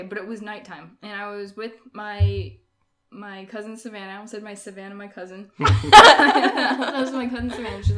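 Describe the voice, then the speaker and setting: A young woman telling a friend group about a dream in a casual, animated way, laughing often and shouting quoted lines. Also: medium pitch. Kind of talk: casual storytelling among friends.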